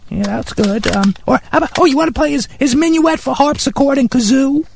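A man playing Harry, an eccentric, pompous character in a comedy radio sketch, excitable and condescending as he gushes over bizarre music. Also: very high-pitched, a little fast, gravelly, slight background noise, heavily acted. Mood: excited.

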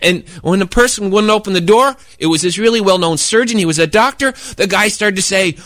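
A man's voice: high voice, fairly quick, no echo, clean studio sound, pitched above the performer's own voice. A man voicing a young boy on his first campout who stammers eagerly through a made-up ghost story. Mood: excited. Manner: stammering, breathless and excited. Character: eager young boy telling a scary tale.

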